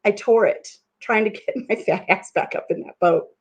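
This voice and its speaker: Woman vlogger, casual storyteller, mid-pitched, laughing and self-deprecating, salty language. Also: normal speed.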